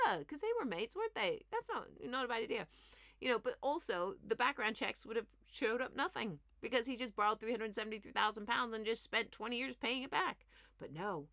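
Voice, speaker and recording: A woman comedian hosting a comic news commentary, talking in an animated, sarcastic, ranting way with quick asides. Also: fairly high pitch, dry recording, studio quality. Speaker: comedian host.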